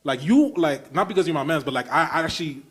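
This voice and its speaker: A man's voice: on the high side, expressive, quick pace, a bit bright, husky. Emphatic Brooklyn man hosting a podcast. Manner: emphatic, enthusiastic, piling up run-on questions. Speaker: podcast host. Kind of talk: casual podcast conversation.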